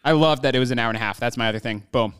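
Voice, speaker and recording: Excitable swearing man in film chat. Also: mid-range voice, racing, smooth, no echo, studio quality. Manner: excitable, swears casually, laughs often. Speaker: podcast co-host. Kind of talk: casual movie review chat.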